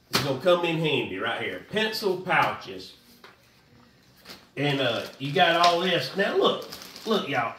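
Guy rambling about fishing gear, high bright voice, echoey room a bit far from the mic. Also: slight background noise. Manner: rambling, repeats himself, folksy. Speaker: fishing vlogger. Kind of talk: casual how-to talk.

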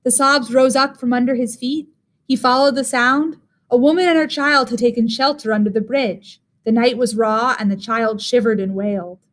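A teacher reading a fairy tale aloud in a measured, expressive way. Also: female voice, on the high side.

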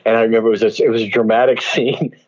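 An older man, a guest actor in an interview, telling animated anecdotes, laughing often and slipping into voices for the people in his stories. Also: mid-range voice, rapid-fire. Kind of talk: storytelling interview. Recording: dull lo-fi audio.

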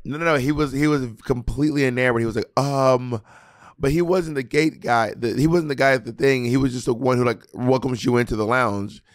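A man's voice: mid-range voice, brisk. A man co-hosting a podcast in casual chat, telling stories with lots of acted-out quotes and crude, teasing banter. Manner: animated storytelling, acts out quotes, crude banter. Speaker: podcast co-host.

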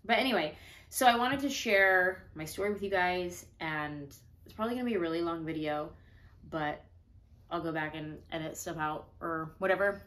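Woman, 30s, comedian hosting her own vlog: chatty, earnest, a bit winded, mid-pitched. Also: a bit bright. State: out of breath. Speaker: comedian and video host. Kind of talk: casual talk to camera.

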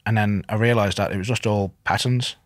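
A man's voice: on the low side, fairly even intonation, no echo, clean studio sound. A young man, a gym owner guest, telling stories in a casual, rambling way with many restarts. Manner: fast, rambling storyteller with restarts. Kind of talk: casual conversation.

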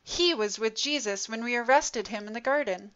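A woman plays a hostile male servant who loudly accuses a stranger. The voice sits fairly high, and the recording is dull and lo-fi. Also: normal speed, close to an everyday voice. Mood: accusing. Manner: accusing, shouting.

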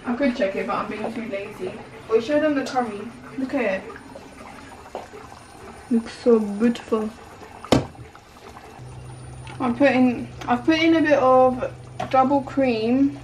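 A woman's voice: a little high, measured pace, pauses often. Bubbly woman vlogging her cooking. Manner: bubbly, chatty, rambling asides. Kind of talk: casual cooking vlog chat. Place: home kitchen. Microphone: handheld phone camera. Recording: noisy home kitchen recording.

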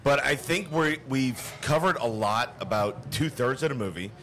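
A man's voice: mid-range voice, animated, normal speed, fairly bright tone, slight background noise. A man co-hosting a podcast recorded live at a brewery, chatting casually, swearing often and restarting his sentences. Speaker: podcast co-host. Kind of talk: casual chat.

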